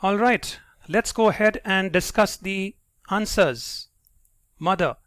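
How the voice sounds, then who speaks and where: Male teacher, fairly high voice, explanatory, dry close recording. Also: slow, a bit bright, no echo. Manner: explanatory, often tags sentences with "right?". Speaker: English teacher. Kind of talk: online grammar lesson.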